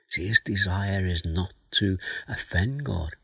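A man giving a slow, earnest Bible teaching sermon, reading verses aloud and then explaining them. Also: deep voice, vocal fry, breathy edge, no room sound, studio quality. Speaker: preacher.

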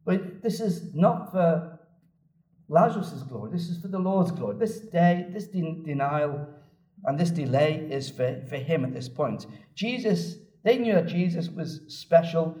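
A man preaching a sermon, telling the story in a lively way and repeating phrases for emphasis. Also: fairly high pitch, measured pace. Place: church. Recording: echoey church room from a distance.

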